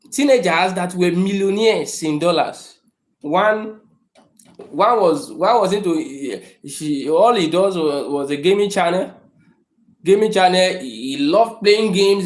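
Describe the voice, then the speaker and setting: A man's voice: high voice, reverberant. A man hosting a motivational livestream, emphatic and repetitive, talking in a room. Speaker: livestream host. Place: room indoors.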